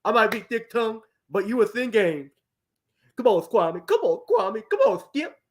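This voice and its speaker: A brash, boastful older sports pundit, as a man puts him on, calling out his rival in a loud, cocky comic impression. The voice sits a bit high and pushes hard. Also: very animated, normal speed. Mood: cocky taunting.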